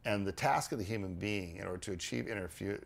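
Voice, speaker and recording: A man hosting a podcast, explaining ideas in a casual, animated way with frequent restarts and repeated words. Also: on the low side, quick pace, gravelly. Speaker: podcast host.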